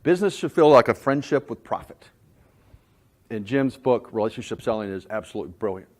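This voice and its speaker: At a conference, a sales trainer from North Carolina addresses a live audience, telling folksy anecdotes and stories. He speaks briskly and animatedly at a medium pitch.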